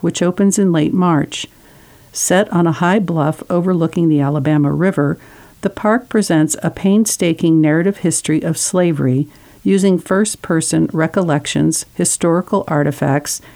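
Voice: mid-range voice, vocal fry, warm tone. A reader steadily reading magazine articles aloud, with a few small slips.

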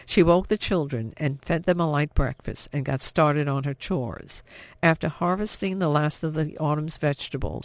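Gravelly male audiobook narrator. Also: fairly high pitch, dry recording. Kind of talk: scripted novel narration.

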